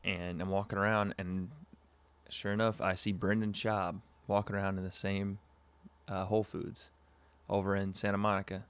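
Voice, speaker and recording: Brief: young male podcast host from SoCal, deep monotone, relaxed rambling storyteller, webcam audio. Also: normal speed, clean tone. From Southern California. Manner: laid-back, rambling with frequent fillers and laughs. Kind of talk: casual livestream storytelling.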